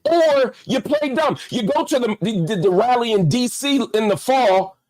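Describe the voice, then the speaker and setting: A man's voice: extremely high pitch, expressive, a little mellow. A man hosting a political commentary show, talking with heated, preacher-like force and hammering phrases through repetition. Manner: heartfelt, slower, subdued. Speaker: host.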